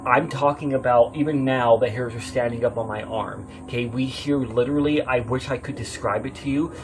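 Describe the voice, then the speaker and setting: A man's voice: mid-range voice, fairly quick, over music. Rambling man telling a scary story. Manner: rambling, swears often, many fillers and restarts; tense, swinging from hushed to loud as he retells. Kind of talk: casual spoken horror story.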